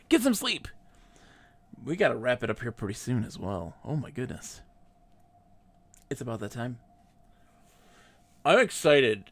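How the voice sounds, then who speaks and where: Gravelly, animated man streaming a game. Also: medium pitch. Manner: chatty, excitable, reads game text aloud. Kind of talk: casual gameplay commentary.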